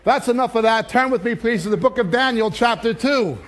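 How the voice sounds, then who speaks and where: A man with a notably high voice giving a sermon. He tells jokes in a lively, storytelling way, then turns to reading scripture verse by verse. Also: a little fast. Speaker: Bible teacher.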